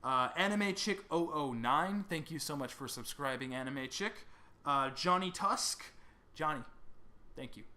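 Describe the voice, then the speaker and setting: Bright-voiced young man reading names. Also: fairly high pitch, expressive. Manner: reads names haltingly, stumbling over pronunciations. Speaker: YouTuber thanking subscribers. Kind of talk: casual chat.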